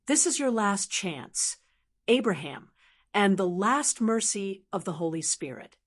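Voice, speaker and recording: A woman's voice: medium pitch, very animated, unhurried. A woman voicing a cold, commanding old male bishop in an audiobook.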